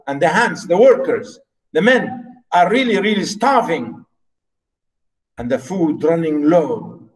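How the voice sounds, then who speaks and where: A man with Arabic as his first language teaching a literature class, explaining slowly and repeating and paraphrasing each line. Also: fairly high pitch, lively intonation, distant mic, rough recording. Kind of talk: classroom lecture.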